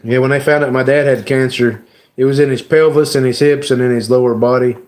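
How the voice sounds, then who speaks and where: Male streamer host, mid-pitched, casual, emotional, halting with many fillers. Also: steady tone, darkish tone. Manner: emotional, halting, lots of "you know" fillers. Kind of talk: casual live-stream chat.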